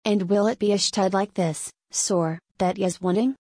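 A woman's voice: medium pitch, steady tone, moderate pace, darkish tone, breathy edge, dry recording, studio quality, lightly acted. A woman voicing a shy, eager young Irish serving boy who keeps calling his master "sor". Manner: humble, says "sor" often.

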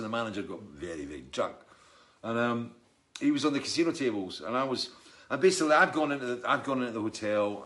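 On his live stream, a middle-aged musician reads viewer comments aloud and drifts into rambling stories, chatty and joking throughout. His voice is on the low side, with a pushed, bright quality.

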